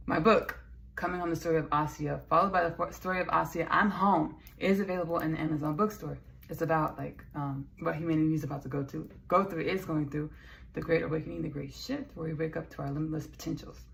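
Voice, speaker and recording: A woman's voice: low voice, fairly even intonation, fast, gravelly, fairly bright tone, slight background noise. A Texan woman rambling casually in a vlog, playful and chatty with lots of asides. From Texas. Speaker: vlogger.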